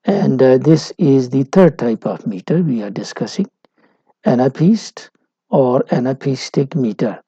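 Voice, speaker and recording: A male lecturer, explaining slowly and deliberately, with frequent "uh" pauses. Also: medium pitch, warm tone, breathy edge, dry recording. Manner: measured, explanatory, frequent "uh" fillers. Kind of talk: recorded university lecture. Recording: dull lo-fi recording.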